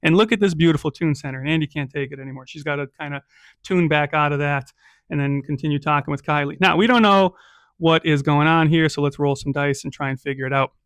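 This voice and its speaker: A man's voice: fairly high pitch, steady tone, fairly quick, a bit bright, clean tone, no room sound. Casual male solo game master. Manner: casual, with frequent "right?" and "um". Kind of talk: solo tabletop game narration.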